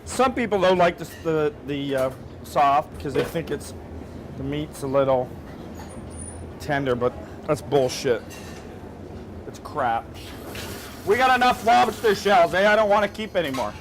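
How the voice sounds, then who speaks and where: A man's voice: fairly high pitch, expressive, a little slow, pauses often. A man, a chef, talking bluntly at work and swearing freely. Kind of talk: kitchen chatter. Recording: kitchen noise behind the voice.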